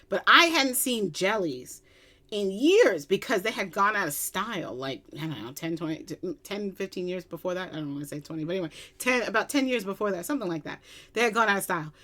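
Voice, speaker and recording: A woman from Long Island, chatting casually as a music reaction vlogger at her computer, excitable and giddy, with bursts of squealing. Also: mid-range voice, a little fast. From Long Island, New York. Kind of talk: casual chat.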